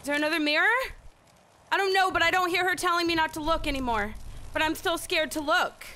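A woman with a high voice talks through a horror game, audibly frightened, swearing and repeating herself. Loud noise and game sound sit under her voice. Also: fast. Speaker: gamer. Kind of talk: horror game let's-play commentary. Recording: noisy with game sound behind.

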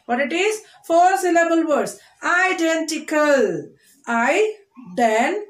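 In an echoey room, a high-pitched, animated female English teacher gives an online lesson to children. She talks slowly and deliberately, repeating each word and breaking it into syllables.

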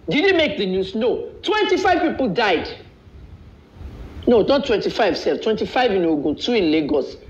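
A man's voice: high voice, darkish tone. A man from Nigeria hosting a live video, ranting in a blunt, boastful way and switching freely between languages. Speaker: live-stream host. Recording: echoey, dull live-stream audio.

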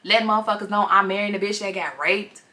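A woman's voice: medium pitch, fast, sharp tone, close to an everyday voice. A woman voicing a scornful, image-obsessed young man who scolds his fiancée in profane slang.

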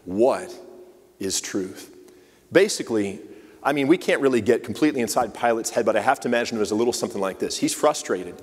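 A man's voice: medium pitch, animated, racing. Conversational male preacher in a reverberant church. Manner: conversational, asks the congregation questions. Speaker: church leader giving the message. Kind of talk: sermon. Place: church sanctuary.

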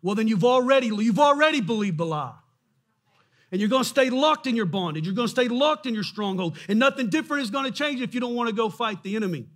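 High-voiced impassioned male preacher, husky. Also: lively intonation, fast. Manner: impassioned preaching, often shouting, acts out doubters' voices. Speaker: pastor. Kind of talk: sermon. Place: church.

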